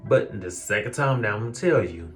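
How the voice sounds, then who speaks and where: A young man casually telling a workplace drama story to camera, animated and quick to mimic other people's voices. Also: lowish voice, soft background music. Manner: animated, mimics coworkers in a raised voice. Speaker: storytime vlogger.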